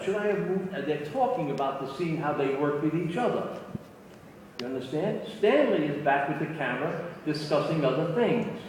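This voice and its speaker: An older man, a guest actor at a fan convention, telling an anecdote in an animated way and often repeating his words. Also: medium pitch, a little hiss or hum. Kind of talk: storytelling Q&A anecdote. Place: convention hall. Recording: echoey hall from far off.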